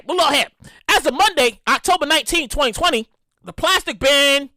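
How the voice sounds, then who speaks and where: Animated New woman hosting a podcast. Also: high-pitched, moderate pace, dry recording. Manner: animated, loud, swearing, acts out customers and cashiers. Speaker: podcast host. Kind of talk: casual solo podcast commentary.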